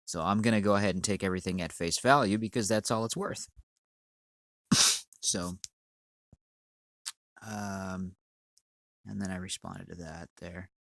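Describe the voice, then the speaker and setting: A man's voice: low-pitched, steady tone, unhurried, gravelly, long pauses, a bit bright, dry recording. A man with a sinus cold delivering a profane, rambling, stammering rant at a commenter on his channel. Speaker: channel owner. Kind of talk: ranting monologue.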